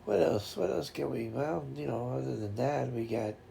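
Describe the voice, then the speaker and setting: A man's voice: medium pitch, expressive, normal speed, vocal fry, warm tone, slight background noise. A man hosting a casual chat stream, telling rambling fishing stories with lots of restarts and laughter. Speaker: streamer host.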